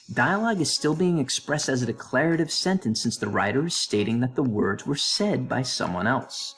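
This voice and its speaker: A male English teacher giving a recorded grammar review lesson in an animated voice, with playful asides to students. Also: mid-range voice.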